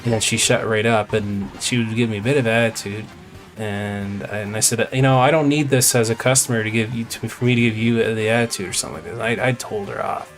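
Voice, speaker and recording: A man with a lowish voice and fairly even intonation talks a little fast while live-streaming a game, soft music in the background. He tells a long, meandering story casually, going over conversations at length.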